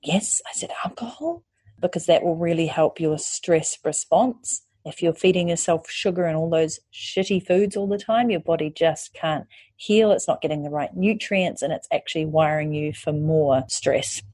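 A woman's voice: deep voice, fairly even intonation, normal speed, mellow, dry recording. A woman hosting a podcast, giving candid advice in a chatty way that includes casual swearing. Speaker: podcast host and online course creator.

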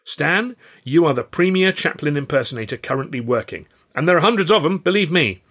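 A man's voice: fairly high pitch, animated, a little fast, fairly bright tone, pitched above the performer's own voice. A man voicing a pompous, indignant male vaudeville agent with a haughty, theatrical manner. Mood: scornful.

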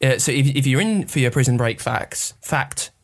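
A man's voice: mid-range voice, lively intonation, normal speed. A man, co-hosting a podcast in joking, teasing banter. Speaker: podcast co-host. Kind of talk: casual chat.

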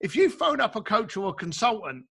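Animated high-voiced man. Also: a little fast, vocal fry, husky. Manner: animated, emphatic, acts out dialogues. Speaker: coach. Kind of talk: casual chat.

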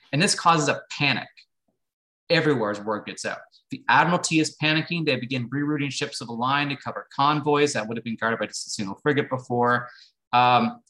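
A man's voice: medium pitch, bright, forceful tone, poor audio. A man, a guest historian and author, explaining history conversationally with many fillers and restarts.

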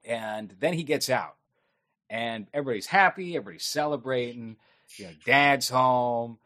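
A man's voice: medium pitch, moderate pace, sharp tone. A man chatting casually on a podcast, recapping a movie's plot in a rambling, wry way with frequent swearing. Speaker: podcast co-host. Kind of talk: casual chat recapping a film.

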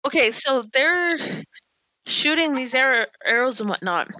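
A woman playing a tabletop game, lively and giggly as she talks through her moves. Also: high voice, measured pace, dry recording, rough recording. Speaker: player. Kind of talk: casual tabletop play.

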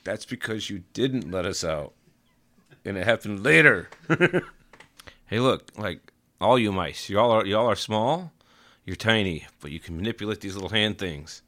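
A man's voice: fairly low pitch, lively intonation, a little slow, bright, forceful tone. A man playing a tabletop role-playing game, talking casually and rambling with lots of fillers. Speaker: player. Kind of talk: tabletop role-play chat.

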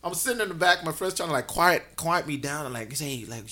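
A young man from Canada, a comedian guest on a podcast, telling an animated story, laughing often and acting out the dialogue. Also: fairly high pitch, fast talker, few pauses, background noise.

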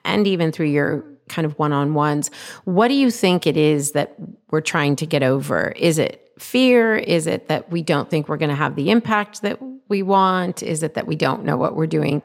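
Thoughtful woman host with a gravelly voice. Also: sits low, expressive, normal speed. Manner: thoughtful, asks long, searching questions. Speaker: podcast host. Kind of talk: podcast interview.

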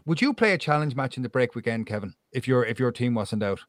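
A man's voice: medium pitch, animated, fast talker, dry recording, studio quality. A man hosting a sports talk, putting questions to his pundits in a conversational way. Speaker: host. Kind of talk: casual sports chat.

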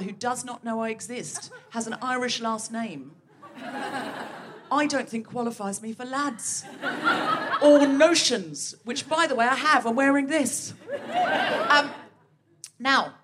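Woman comedy host, bright and slightly high voice, self-mocking stage banter into a stage mic. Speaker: podcast host. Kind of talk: live comedy podcast hosting. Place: theatre stage at a live show.

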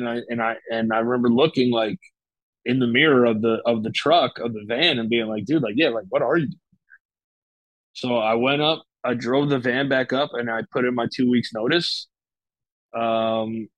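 A man's voice: medium pitch, a bit bright, no echo, highs cut off. Young man telling a loose story. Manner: loose, profane, lots of fillers and restarts. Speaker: guest. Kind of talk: casual storytelling.

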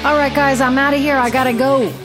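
A woman's voice: high voice, fairly even intonation, fast, music in the background. A middle-aged woman hosting a podcast, telling a story in a blunt, sarcastic, profane rant. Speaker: podcast host.

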